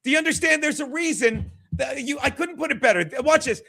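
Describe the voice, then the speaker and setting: A man's voice: very high-pitched, a little fast, gravelly, bright, forceful tone. A stand-up comedian, a man, giving a rambling, profane, combative rant as stream commentary.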